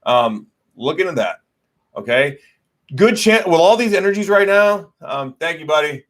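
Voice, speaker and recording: This astrology livestream host is a man whose voice sits on the high side, a bit bright, with lively intonation and a moderate pace. His casual talk is loose and profane, full of fillers, and he picks up viewer comments along the way.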